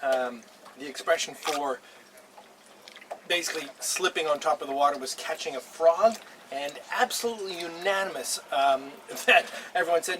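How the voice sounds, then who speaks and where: A man's voice: a little high, moderate pace, far from the mic, noisy background. An older man hosting a casual beer-tasting vlog on a boat in a harbour, easygoing and chatty, chuckling now and then. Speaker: host.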